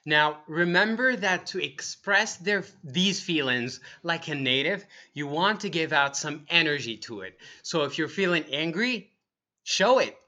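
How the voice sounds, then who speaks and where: A young man teaching English phrases for feelings in an upbeat way, repeating each phrase slowly and acting the emotion out. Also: fairly high pitch, expressive, pushed and bright. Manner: upbeat, acts out each feeling in slow demonstrations. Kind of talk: lively language lesson. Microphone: wearing earphones on camera.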